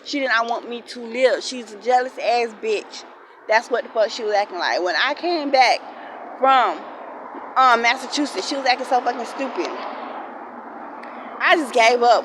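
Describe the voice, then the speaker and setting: A woman's voice: on the high side, normal speed, fairly bright tone, a little hiss or hum, poor audio. A young woman, ranting heatedly in a storytime vlog, swearing often and repeating herself. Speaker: vlogger. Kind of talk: angry storytime rant.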